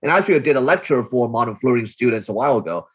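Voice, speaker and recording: A man's voice: mid-range voice, animated, very fast, breathy edge. A man, a dating coach, explaining ideas in a casual podcast chat and demonstrating different tones of voice.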